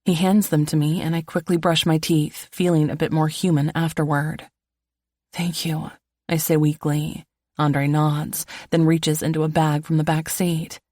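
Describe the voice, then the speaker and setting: A woman narrating a first-person romance audiobook in an even, low-key reading voice. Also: normal speed, dry recording, studio quality.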